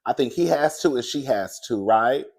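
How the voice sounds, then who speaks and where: A man hosting sassy celebrity gossip commentary, laughing often and swinging between high excited squeals and hushed whispers. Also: moderate pace. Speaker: commentary host.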